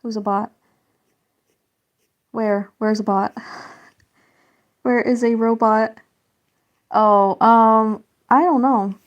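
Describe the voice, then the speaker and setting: Casting: young woman, slightly high voice, rambling friendly live-stream chatter with fillers. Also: fairly even intonation, very slow, pauses often, muffled recording. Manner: chatty, reads viewer comments, many fillers and restarts. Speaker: livestreamer. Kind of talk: casual live-stream chat while colouring.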